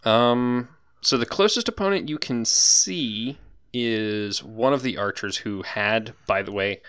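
A man's voice: medium pitch, takes it slowly, fairly bright tone, clear, resonant tone. A man running a tabletop game as dungeon master, casual and chatty, laughing often between rulings.

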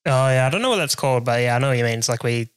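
A man's voice: mid-range voice, expressive, very fast, smooth, dry recording. A man co-hosting a casual chat, rambling along with lots of fillers. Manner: laid-back, rambling with fillers. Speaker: podcast co-host.

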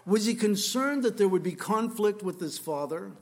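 A man preaching a sermon, reading scripture and expounding on it, swinging between loud rhetorical questions and quiet asides. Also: sits high, lively intonation, normal speed. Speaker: pastor.

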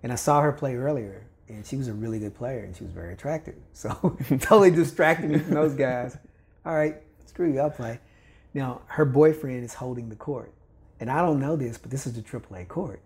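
A podcast guest, this older Kentucky volleyball coach shares a story in casual conversation, his mid-range voice a little fast. He's lively, doing the voices of the people involved and laughing often.

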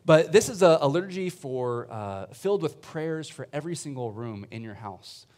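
A man's voice: on the high side, expressive, moderate pace, darkish tone. A male priest preaching a casual, chatty sermon to a congregation in a church. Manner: informal, chatty preaching with fillers and laughs.

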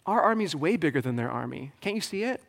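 Man doing a chilled-out prophet, easygoing, low-key, long hall echo. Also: very animated, quick pace, creaky, full character voice. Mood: laid-back. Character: laid-back unflappable male prophet.

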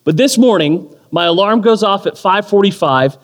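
Man, 30s, pastor; lively, self-mocking sermon storyteller, slightly high voice, long hall reverb. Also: moderate pace. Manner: animated storytelling with self-deprecating humor. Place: church or community hall.

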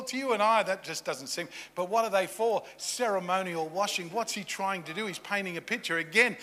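High, bright-voiced animated preacher man. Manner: animated, swings from loud emphasis to hushed, intimate asides; acts out voices of people in the story. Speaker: pastor. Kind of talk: sermon.

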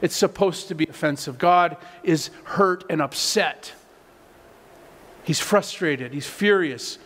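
A man's voice: fairly high pitch, slow, a bit bright, long reverb tail. A man preaching a sermon as a pastor in a conversational way, often repeating words as he stresses a point.

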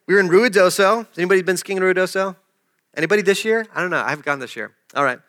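A man's voice: high-pitched, lively intonation, rapid-fire, pushed and bright. A man preaching a sermon, telling a personal story in a conversational way and joking with the congregation. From desert region. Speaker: pastor.

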